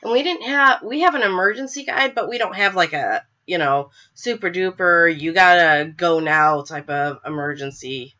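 Woman host with a cold, stuffy, bright and forceful, chatty and a bit apologetic, dull webcam sound. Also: lowish voice, normal speed, hardly any pauses. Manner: chatty, filler-heavy, apologetic. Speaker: podcast host. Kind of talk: casual live show chat.

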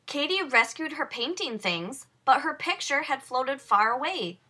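A woman reading a children's picture book aloud in slow, expressive storytelling. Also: high voice. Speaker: storybook reader. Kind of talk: children's read-aloud narration.

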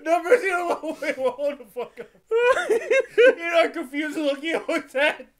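A man chatting as a podcast co-host, giggling constantly and reacting with drawn-out exclamations. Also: extremely high pitch, very animated, a bit bright. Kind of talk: casual chat.

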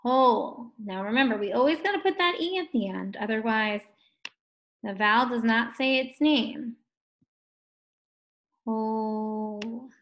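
A woman teaching a phonics lesson to first graders, slow and encouraging, stretching words out for the children. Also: on the high side, lively intonation, fairly bright tone.

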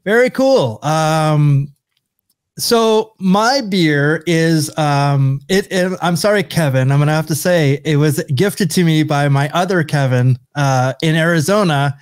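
A man's voice: fairly high pitch, measured pace, clean tone, dry recording. A man co-hosting a podcast, chatting casually and searching for words as he describes a beer. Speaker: podcast co-host. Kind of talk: casual chat.

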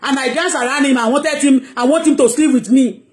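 A woman's voice: high voice, brisk, darkish tone. A woman with a Nigerian accent giving an impassioned, heated monologue on her blog, emphatic and repeating herself. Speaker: online blogger.

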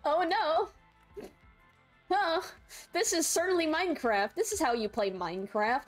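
A woman's voice: extremely high pitch, animated, measured pace, soft background music. A young woman streaming a game live, chatting playfully and laughing a lot while viewers trolls her. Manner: playful, laughs often, squeals when chat trolls her. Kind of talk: live gameplay commentary.

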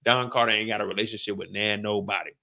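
A man's voice: on the low side, fast, vocal fry. A young man hosting a casual reaction show, recapping an episode and acting out scenes in voices. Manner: animated, acts out scenes in voices.

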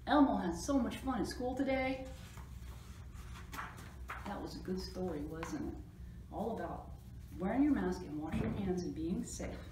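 A woman librarian reading a picture book aloud to children, with animated, chatty asides about the pictures. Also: lowish voice. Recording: roomy echo, distant mic, faint noise.

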